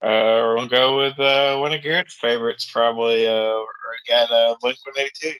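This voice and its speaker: A man with an average-pitched voice, recorded close and dry. He co-hosts a podcast in relaxed, hesitant chat. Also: a little fast, clear, resonant tone, dry recording, poor audio. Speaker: podcast co-host.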